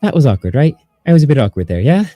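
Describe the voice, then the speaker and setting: A nervous, awkward young guild messenger, put on by a man, stammering through every sentence. His voice sits high above a plain speaking voice. The sound is dry and close, with faint music behind. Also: sing-song, rapid-fire, dark tone, no echo. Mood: sheepish. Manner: stammering, hesitant.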